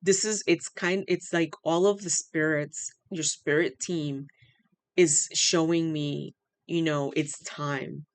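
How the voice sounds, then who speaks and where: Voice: mid-range voice, fairly even intonation, slow pace, clean tone. A tarot reader giving an unscripted channeled reading, earnest and repetitive, often stopping in awe and saying they are overwhelmed.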